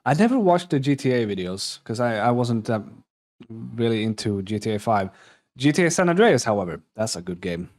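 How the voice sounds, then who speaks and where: Reacting live on stream, a young Polish man rambles, jokes about himself, swears and keeps restarting what he's saying. His mid-range voice is very animated and a little mellow, and he moves at a moderate pace. Polish is his native language.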